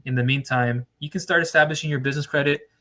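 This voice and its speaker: A man's voice: a little high, fairly even intonation, fast, bright, forceful tone. A man giving emphatic, lecturing advice straight to camera on business funding, stretching words out for stress. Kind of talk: direct-to-camera advice monologue.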